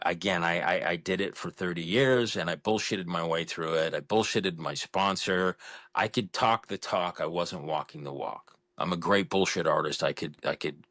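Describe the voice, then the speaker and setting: A man's voice: low-pitched, moderate pace, a bit bright, no room sound. A man in his fifties, a podcast guest, speaking frankly and with self-deprecation in a candid interview conversation. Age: 50s.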